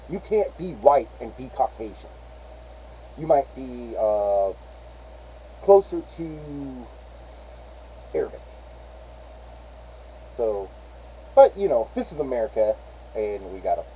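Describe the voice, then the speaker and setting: A man's voice: mid-range voice, dark tone, slight background noise, rough recording. A middle-aged man, rambling through a casual story on a live stream and acting out the people he quotes.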